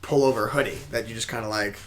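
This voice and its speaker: A man's voice: on the low side, fairly even intonation, quick pace, slight background noise. A man co-hosting a pop culture podcast in casual chat, recapping episodes animatedly and laughing often. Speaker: podcast co-host.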